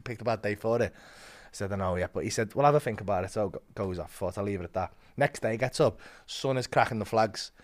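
A man's voice: lowish voice, brisk, hardly any pauses. Swearing man telling a comic story. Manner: animated, swearing, laughing, acting out other voices.

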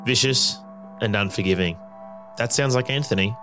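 A man delivering scripted documentary narration in a measured, dramatic voice-over. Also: medium pitch. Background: music.

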